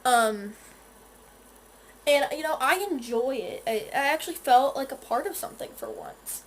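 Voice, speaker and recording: Teen girl rambling through her makeup routine on a phone cam in her room, kinda high voice. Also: lively intonation, normal speed, a little hiss or hum. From North Carolina. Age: teens. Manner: chatty and rambling, many restarts and quoted asides. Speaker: beauty vlogger. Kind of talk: casual vlog chat while doing makeup. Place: her bedroom. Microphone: phone camera.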